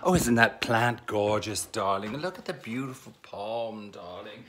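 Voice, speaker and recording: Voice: medium pitch, lively intonation, unhurried, hardly any pauses, a bit bright, slightly rough. A campy, theatrical host leads a casual cocktail tutorial from a home kitchen, calling listeners darling and angels.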